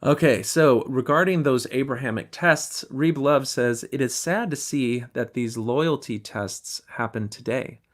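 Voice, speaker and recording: A man's voice: mid-range voice, a little slow, few pauses. Male podcast host, casual critical commentary. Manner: conversational and critical, with ums and throat-clearing.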